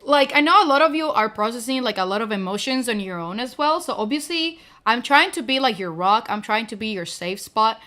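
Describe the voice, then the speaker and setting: Bright-voiced young woman streaming, all teary and gushy, lots of likes. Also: fairly high pitch, animated, brisk, hardly any pauses. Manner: tearful, gushing, many fillers. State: teary, on the verge of crying. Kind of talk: emotional casual chat to viewers.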